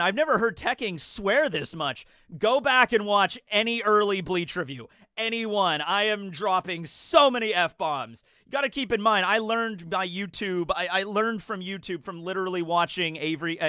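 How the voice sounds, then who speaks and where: A man in his thirties giving a rambling, casual review of a manga chapter. He swears and laughs, and now and then jumps into loud, high outbursts. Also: clean tone, no room sound, studio quality. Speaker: anime and manga reaction host.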